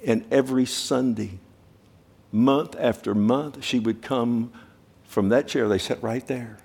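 A man's voice: medium pitch, takes it slowly, creaky, darkish tone, breathy edge. A middle-aged male pastor preaching a sermon, telling stories with rising urgency and asking the congregation direct questions.

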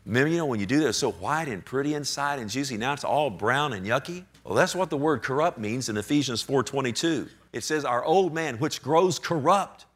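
A male pastor preaching a sermon with animated delivery, swinging from loud emphasis to a near-whisper and acting out short voices of people in his stories. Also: mid-range voice, fairly quick, hardly any pauses.

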